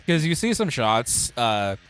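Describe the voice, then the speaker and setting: A mid-pitched man chatting casually as co-host of a let's play. He gives blunt, offhand opinions and coughs now and then. Faint music plays behind him. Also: very animated, takes it slowly, a bit bright, clean tone. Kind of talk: casual gaming chat.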